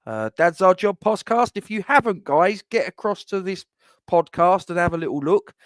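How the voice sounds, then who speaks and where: A man's voice: sits high, expressive, normal speed, no echo. Chatty man, fan stream host. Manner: chatty, rambling, many restarts and asides. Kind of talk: casual live-stream commentary.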